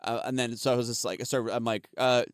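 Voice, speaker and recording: A man's voice: mid-range voice, fairly even intonation, fast, no room sound, clean studio sound. Laughing, rambling man telling stories. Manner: laughs a lot, swears, rambling storytelling. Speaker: podcast co-host and comedian. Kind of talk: casual chat.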